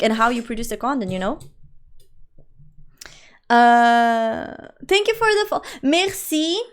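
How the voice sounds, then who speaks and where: Young woman streamer, non-native English, higher voice, clear and smooth, rambling, laughs a lot. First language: not English. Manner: chatty, rambling, quick to laugh; talks straight to her chat. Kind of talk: casual livestream chat.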